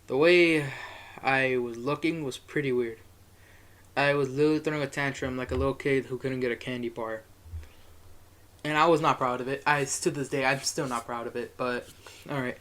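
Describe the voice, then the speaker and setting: A man's voice: mid-range voice, fairly even intonation, normal speed, long pauses, fairly bright tone. A young man telling a rambling, profane story in a casual monologue, chuckling as he goes.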